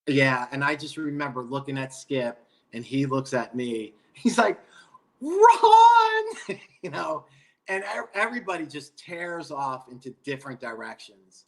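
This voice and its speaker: A middle-aged man from New York, a guest guitarist telling a road story in a relaxed, rambling way with casual swearing. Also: mid-range voice, normal speed, low-quality recording.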